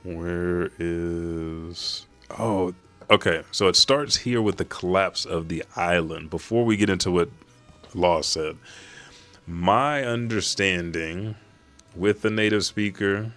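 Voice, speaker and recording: A man hosting a live reaction to a manga chapter. He recaps it in an excited, profane and rambling way. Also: low-pitched, takes it slowly, soft background music.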